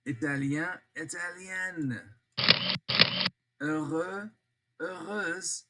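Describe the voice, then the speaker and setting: An older man teaching a French grammar lesson, slowly repeating example words and dropping in joking asides. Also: high voice. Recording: loud background noise.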